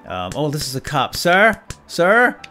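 A man hosting a let's play, giving silly role-play commentary in an excitable, giggly way. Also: fairly high pitch, measured pace, faint music behind.

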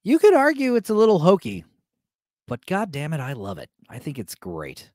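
A man rambles through a relaxed watch-along commentary, trading jokes with his chat and filling gaps with plenty of ums. His pitch swings up and down with lively energy. The sound is dry and close. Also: moderate pace, no echo, faint music behind. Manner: joking, rambling, addresses the chat with many fillers. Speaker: host reacting to a film for a live chat.

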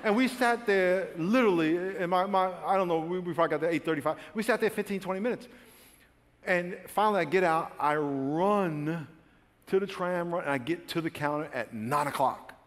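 A man pastor telling a funny personal story in a sermon, acting out his own frantic lines with bursts of shouting and laughter. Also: sits high, normal speed, in a large hall. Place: large church auditorium.

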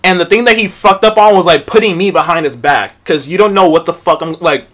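A young man telling a storytime vlog, profane and animated, acting out quotes from the story. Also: sits high, fairly quick. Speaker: vlogger.

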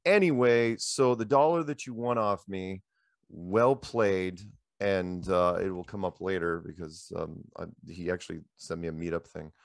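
Middle-aged male host, low voice, dry close sound, animated rambling storyteller. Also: unhurried, creaky, no echo. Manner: animated, rambling anecdotes with repeated "he goes". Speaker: show host. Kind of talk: casual storytelling chat. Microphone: handheld microphone.

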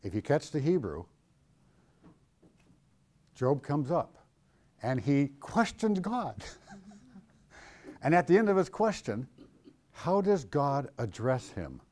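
A middle-aged male pastor teaching a class on Christian doctrine, animated and jokey, acting out the voices he quotes with big swings in pitch and loudness, speaking to students in a classroom. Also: slow pace, long pauses. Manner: jokey, self-mocking storyteller. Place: classroom or church hall with students.

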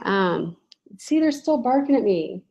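A woman's voice: fairly high pitch, very animated, measured pace, a little mellow, a little hiss or hum, low-quality recording. A woman chatting casually on a home live stream, giggling and reading viewer comments aloud. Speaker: reseller vlogger. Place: home, in a room with barking dogs.

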